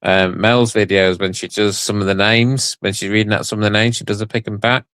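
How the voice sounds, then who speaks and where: A man's voice: lowish voice, flat delivery, fairly quick, a bit bright, clean tone, dry recording. A man chatting as a guest on a livestream, joking, teasing the host and laughing often. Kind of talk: casual chat on a livestream.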